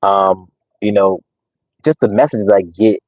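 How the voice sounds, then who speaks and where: Low-voiced guy ranting casually to his viewers, lots of ums, repeats himself, dry close sound. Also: a little slow, darkish tone, no room sound, rough recording. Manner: emphatic, preachy, repeats himself with many fillers. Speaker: dog breeder and channel host. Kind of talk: casual livestream talk to viewers.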